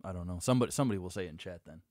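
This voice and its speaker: A man's voice: deep voice, racing, a little mellow, no echo, studio quality. A man co-hosting a podcast in casual crude banter, hesitant and stumbling, often repeating his words. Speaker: podcast co-host.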